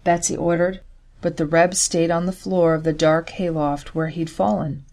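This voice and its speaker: A woman narrating a historical novel in measured, even storytelling. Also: low voice. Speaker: audiobook narrator. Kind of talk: scripted narration.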